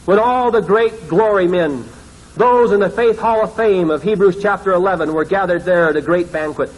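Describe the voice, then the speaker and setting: A male pastor tells a dream story in a dramatic sermon, often sinking to hushed, ashamed tones. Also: high voice, a little hiss or hum, low-quality recording.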